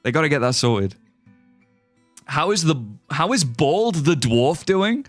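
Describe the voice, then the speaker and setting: Chatty English man, lively voice. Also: fairly high pitch, unhurried, dry recording. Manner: chatty, swears, laughs often, reads out chat. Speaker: livestreamer. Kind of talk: casual live gameplay chat with viewers. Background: faint guitar music.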